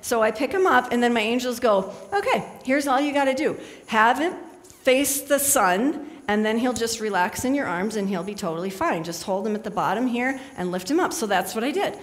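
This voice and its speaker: A woman's voice: fairly high pitch, expressive, a little fast, in a large hall. A middle-aged woman speaking as a spiritual speaker to a live audience in a chatty, storytelling manner.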